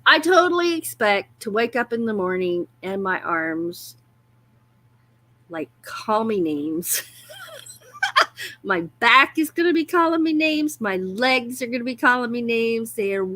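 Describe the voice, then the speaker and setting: A woman's voice: a little high, expressive, measured pace, fairly bright tone, no room sound. A woman hosting a casual livestream, chatty and often breaking into laughter. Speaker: livestream host.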